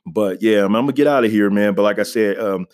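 A man's voice: on the low side, fast, a little mellow. Laid-back man talking on his podcast. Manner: loose, conversational, frequent "man" and "you know". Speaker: podcast host. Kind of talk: casual solo podcast talk. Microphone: home podcast mic.

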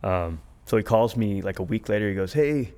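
A man's voice: low voice, fairly even intonation, brisk, darkish tone. A man guest on a podcast, telling a long story in a laid-back, rambling way, full of likes and ums. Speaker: podcast guest, harmonica player. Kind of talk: casual storytelling chat.

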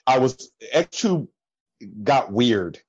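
A man chatting casually as a podcast guest, telling stories full of fillers, laughing often and jumping higher in pitch when he quotes people. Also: extremely slow, breathy edge, dry recording, dull audio. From American Midwest. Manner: animated storyteller, swings up in pitch when quoting people. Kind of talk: casual chat.

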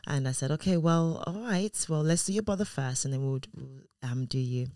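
A woman's voice: a bass voice, fairly quick, clean tone, no room sound, studio quality. A woman, a mother in her thirties, telling a personal story in a casual way, acting out what people said and often restarting her sentences. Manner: animated, acts out quoted voices, restarts often.

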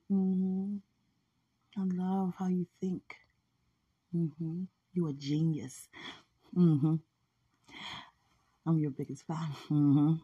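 A woman talking in a heartfelt, prayerful way about faith and love, often murmuring quiet agreement. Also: deep voice, breathy edge, dull audio. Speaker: podcast speaker. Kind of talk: casual emotional talk about faith and love.

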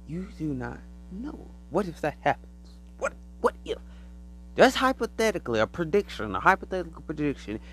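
A man's voice: on the high side, gravelly, fairly bright tone, a little hiss or hum, low-quality recording. A man hosting his own podcast, telling a loose story in casual slang. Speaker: podcast host. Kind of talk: casual solo monologue.

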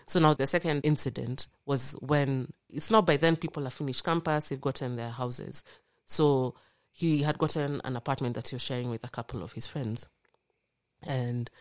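A woman's voice: extremely low pitch, darkish tone, no echo, clean studio sound. A young woman, earnestly and animatedly retelling a painful personal story as a podcast guest.

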